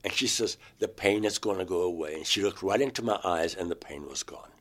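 A man recounting a personal experience in an interview, in a halting, emotional way. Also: deep voice.

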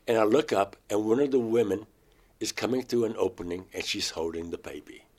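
A man with a fairly low, darkish voice speaks rather quickly as an interview guest. He earnestly gives a first-person account of being abducted, acting out the words he once said.

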